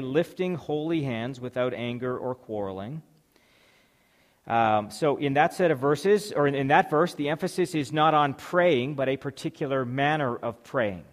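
A man preaching in a hall with a long, ringing reverb. He reads scripture aloud, then walks through it point by point in a mid-range voice, with an occasional "uh" and a restart now and then. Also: medium pitch. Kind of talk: sermon.

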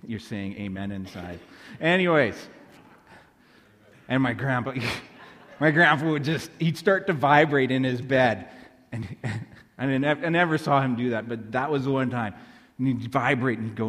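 A man's voice: medium pitch, fairly bright tone, long reverb tail. A man preaching a sermon as a pastor, telling stories in a loose, conversational way with fillers and restarts.

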